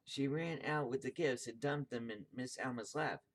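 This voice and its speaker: Man reading a kids' book aloud; halting, self-correcting. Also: mid-range voice. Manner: stumbles and corrects himself. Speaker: video host reading aloud.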